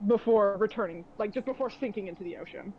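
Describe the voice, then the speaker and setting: A woman's voice: mid-range voice, fast talker, slight background noise. A young woman narrating a tabletop game as game master, rambling with many fillers. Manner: rambling, filler-heavy, laughing often. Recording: dull lo-fi audio.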